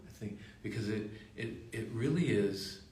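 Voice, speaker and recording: A middle-aged man talks in a fairly low, unhurried voice, musing and thoughtful, often sinking quieter at the end of a point. He sounds set back from the mic in a roomy space with a faint hiss behind him. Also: lively intonation. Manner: reflective, drifts softer at the ends of thoughts. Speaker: actor signing autographs on a livestream. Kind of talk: casual chat. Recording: roomy, distant livestream sound with faint noise.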